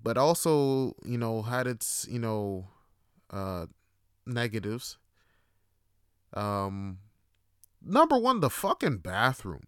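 A man's voice: medium pitch, very animated, slow pace, long pauses, smooth, no echo, clean studio sound. A young man telling profane, laughing stories in a casual monologue, acting out other people's lines. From Toronto, Canada. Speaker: podcast host.

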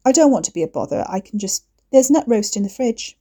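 A woman reading aloud and voicing an awkward, blunt young man who speaks haltingly. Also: on the high side, expressive, warm tone, pitched above the performer's own voice. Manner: halting, hesitant speech.

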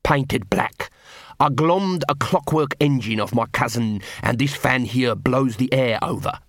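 A man's voice: medium pitch, unhurried, dry recording, studio quality, natural voice. A man voicing an eager young male dwarf recruit explaining his gadget in a storybook reading.

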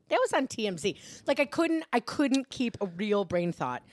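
A woman's voice: on the high side, very animated, moderate pace, few pauses, no echo. A young adult woman co-hosting a podcast, chatting casually with lots of fillers, restarts and giggles. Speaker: podcast co-host. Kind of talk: casual chat.

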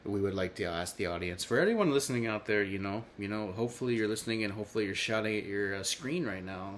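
A man's voice: fast talker, slight background noise. A man from the United States hosting a casual podcast, playfully quizzing his co-host. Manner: playful quizzing, jumpy pitch.

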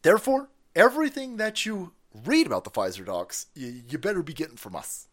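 Man impersonating smug male news anchor, condescending, lecturing, high, bright. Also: big pitch swings, fairly quick.

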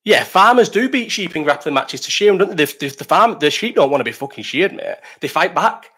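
A man's voice: a little high, sing-song, fairly quick, sharp tone, slightly rough. A man hosting a casual live stream, reading chat questions, rambling, swearing and laughing.

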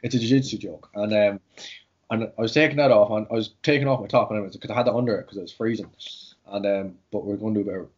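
Irish guy, a jiu-jitsu coach, rattling off rambling stories, husky voice, dull lo-fi sound. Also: lowish voice, steady tone, racing, darkish tone. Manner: rambling, sweary, filled with "like". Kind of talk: casual podcast storytelling. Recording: dull lo-fi audio.

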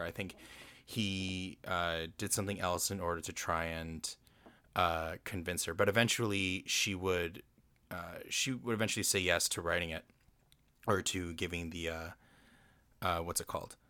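A man's voice: low voice, sharp tone, dry recording. A man casually recapping a film on his own, rambling, swearing freely and acting out the characters' lines. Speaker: film commentator.

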